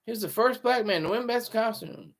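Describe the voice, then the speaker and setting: High-voiced rambling male streamer. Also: brisk. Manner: rambling and sarcastic, with frequent restarts. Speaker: livestreamer. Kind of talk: casual commentary.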